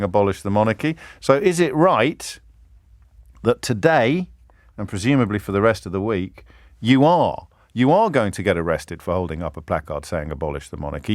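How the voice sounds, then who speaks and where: A middle-aged man hosting a radio phone-in, talking in a lively, self-interrupting way and slipping into mimicked heckler voices. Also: on the low side, no echo, clean studio sound. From England. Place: radio studio. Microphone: studio microphone.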